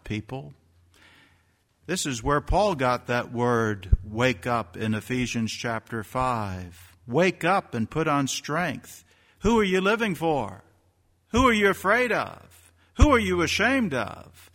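A man preaching a sermon, his voice bright and forceful as it swells into emphatic bursts and rhetorical questions. His words ring out with a long reverb, as if carried through a large hall. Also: medium pitch. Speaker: pastor.

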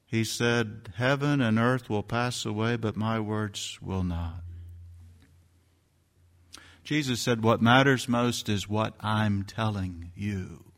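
A man's voice: fairly low pitch, takes it slowly, fairly bright tone, in a large hall. A man preaching a sermon as pastor, reading scripture and rising into emphatic bursts and rhetorical questions.

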